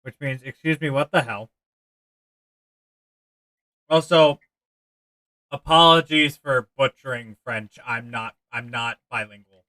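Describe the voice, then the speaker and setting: A man streaming a game live, chatting casually and excitably with his viewers and rambling as he plays. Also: medium pitch, slow pace, pauses often, dry recording, low-quality recording. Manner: excitable, rambling, talks to chat, swears.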